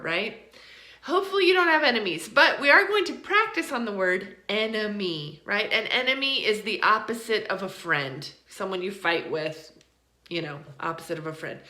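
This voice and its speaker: A woman teaching English pronunciation in an online lesson, encouraging and repeating words slowly to model them. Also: mid-range voice, bright, forceful tone, roomy sound.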